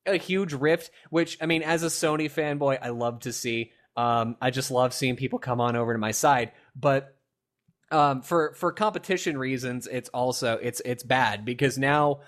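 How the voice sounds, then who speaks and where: A young man hosting a casual podcast, animated and laughing, with lots of fillers. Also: medium pitch, moderate pace. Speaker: podcast host. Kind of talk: casual chat.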